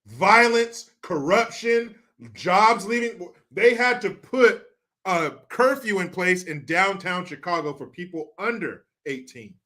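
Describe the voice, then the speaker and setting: A man's voice: high voice, lively intonation, slow pace, pushed and bright. A man hosting his own show, ranting through sarcastic, profane political commentary full of mockery. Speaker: show host.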